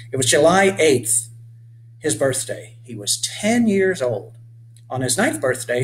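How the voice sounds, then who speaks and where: A man reading his children's book aloud in a clear, measured storytelling manner. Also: mid-range voice, a little hiss or hum, low-quality recording.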